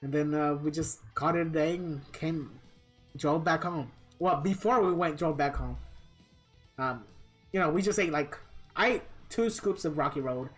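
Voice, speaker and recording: A woman streaming a fighting game chats casually in a fairly low voice. She tells a rambling story full of blunt swearing and grumbling. Soft guitar music plays faintly underneath. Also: normal speed. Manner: profane, blunt, complaining.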